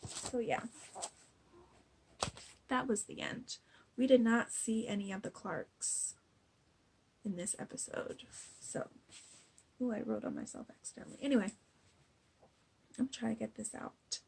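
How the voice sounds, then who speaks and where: A young woman recapping a TV episode in casual chat, chatty and gushing, jumping into a high voice to act out quotes. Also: moderate pace, vocal fry, pauses often, a little mellow, husky, poor audio. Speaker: recap vlogger.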